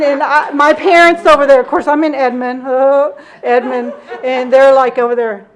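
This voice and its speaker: A woman in her thirties giving a candid personal testimony at a recovery meeting, self-deprecating and quick to laugh. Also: high-pitched, steady tone, a crowd in the background, noisy background.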